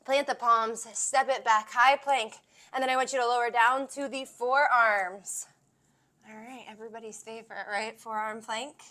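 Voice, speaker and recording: A woman's voice: fairly high pitch, steady tone, normal speed, pushed and bright. A young woman guiding a yoga and strength workout, cueing moves and counting reps in an encouraging way, at times out of breath. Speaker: yoga and fitness instructor. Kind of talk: guided workout instruction.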